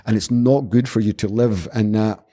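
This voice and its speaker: A man's voice: on the low side, normal speed, dark tone. A man, a martial arts instructor, talking earnestly in a rambling, conversational interview. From Scotland. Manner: earnest, rambling anecdotes with many restarts. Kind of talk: casual conversational storytelling.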